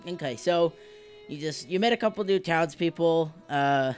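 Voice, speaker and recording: A game master narrating a tabletop game, giggling and tossing out quick asides. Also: medium pitch, soft background music.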